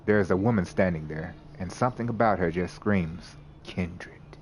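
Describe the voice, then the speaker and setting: A man's voice: sits low, fairly quick, a little mellow, slight background noise. A man reading a visual novel aloud, laughing and correcting his own misreads as he goes. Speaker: let's play narrator.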